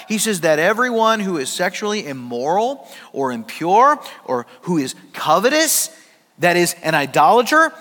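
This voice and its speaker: High-pitched pastor guy preaching a sermon, gets loud then goes quiet, big echoey hall. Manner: emphatic preaching, rising to loud peaks then dropping low.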